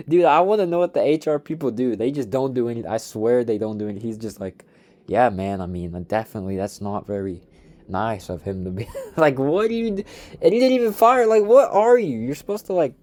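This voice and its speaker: A man's voice: lowish voice, darkish tone. A young man telling a rambling story about an old job in a slangy, casual rant full of "like" and "dude".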